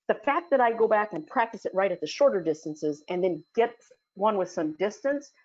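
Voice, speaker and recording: Woman explaining dog training tricks, chatty w lots of ums, mid pitch, kinda dull lo-fi audio. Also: a little mellow. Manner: chatty, with many fillers and restarts. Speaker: dog sport instructor. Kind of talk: casual teaching talk in an audio chat room.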